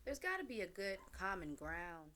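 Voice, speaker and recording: Chatty lady doing slangy reaction commentary, mid-pitched voice, lots of asides. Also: sing-song, normal speed, bright, forceful tone. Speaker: channel host reading a comic.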